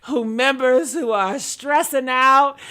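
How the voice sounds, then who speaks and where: A woman's voice: high voice, takes it slowly, bright, forceful tone, clean tone. A woman hosting opinionated commentary, talking bluntly and with sass, cursing freely. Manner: blunt, sassy, profane. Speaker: host.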